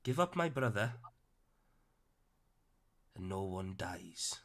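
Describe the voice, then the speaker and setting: A man's voice: low voice, big pitch swings, slow pace, a bit bright, exaggerated voice. A man voicing a threatening pirate leader who speaks in short, clipped demands. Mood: menacing. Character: man, a menacing pirate leader hunting his brother.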